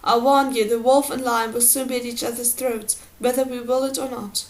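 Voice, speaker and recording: A woman reading aloud voices a stern man plotting in the dark, speaking loudly and forcefully. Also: a little high, level tone, a little fast, lightly acted. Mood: grim, urgent.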